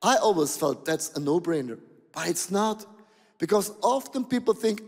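A male pastor preaching a sermon in an animated, exclaiming way, with non-native phrasing, in a large church hall. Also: high-pitched, moderate pace. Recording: long hall reverb.

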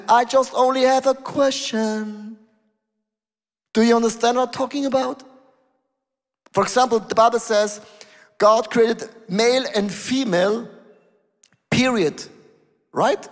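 A man preaching a sermon as pastor in a church hall, emphatic, dropping his voice low and then rising to loud exclamations. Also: fairly even intonation, measured pace, long pauses. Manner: emphatic, switching between lowered tones and raised exclamations. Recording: long hall reverb.

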